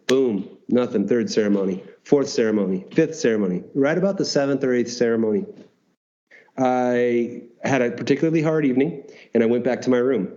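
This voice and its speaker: A man telling a personal story as an interview guest, animated, swearing now and then and acting out dialogue. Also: mid-range voice, highs cut off. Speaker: guest, retreat founder.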